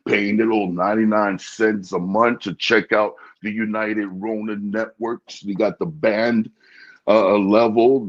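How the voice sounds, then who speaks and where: A low, husky male voice talks in a relaxed interview, lively and quick to stammer, doubling words as he goes. The sound is a little dull and lo-fi. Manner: animated, stammering, repeats words. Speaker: podcast host being interviewed. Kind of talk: casual interview chat.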